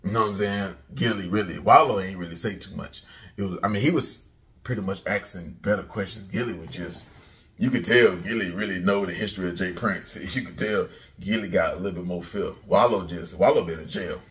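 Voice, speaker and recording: A man hosting a commentary channel, ranting and taunting loudly, often jumping into a high mocking pitch. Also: fairly quick, far from the mic.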